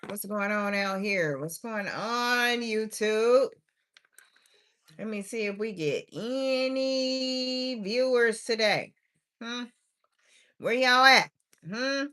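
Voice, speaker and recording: A woman's voice: a little high, slow pace, pauses often, a bit bright. A tired woman doing a chatty, drawling live tarot reading, with sing-song refrains. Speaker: tarot reader streaming live. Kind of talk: casual livestream tarot reading.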